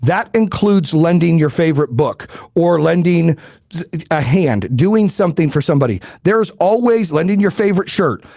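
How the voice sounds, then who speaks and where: A middle-aged man talks straight at his listeners like a coach, with no polish and plenty of swearing. His voice sits slightly high, and the sound is dry and close with no room echo. He keeps throwing rhetorical questions at the audience. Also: lively intonation, normal speed, gravelly, a little mellow. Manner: blunt, profane, emphatic. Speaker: podcast host and business coach. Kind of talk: motivational live-stream talk.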